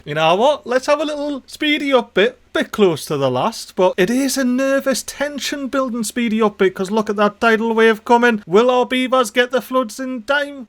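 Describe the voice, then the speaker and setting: A man giving casual gameplay commentary, excitable and chatty, talking to the game's characters and swearing mildly in dialect slang. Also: high-pitched. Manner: excitable, talks to the game characters. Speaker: let's play host.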